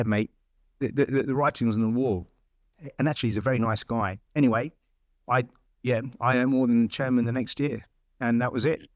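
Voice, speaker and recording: A man's voice: medium pitch, dry recording, clean studio sound. A middle-aged man frankly telling his career story in a casual interview. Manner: blunt, frank, lively retelling with quoted dialogue. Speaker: podcast guest.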